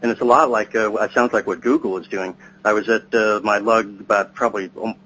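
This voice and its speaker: A man's voice: lowish voice, steady tone, brisk, a bit bright, slightly rough. A man co-hosting a podcast, chatting casually and telling long rambling stories. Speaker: podcast co-host. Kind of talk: casual chat. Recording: dull lo-fi sound with faint hum.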